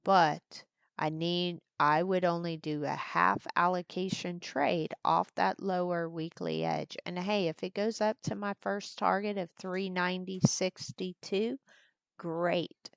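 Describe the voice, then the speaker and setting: A woman walks through trade setups on a live stream in an unhurried, gravelly voice. Her low tone comes across smooth and crisp, recorded close and dry with no room sound. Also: no echo. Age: older. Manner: chatty, breaks off to talk with her granddaughter. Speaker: trading educator hosting a live stream. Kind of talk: casual live market walkthrough. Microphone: desktop mic at a computer, screen sharing.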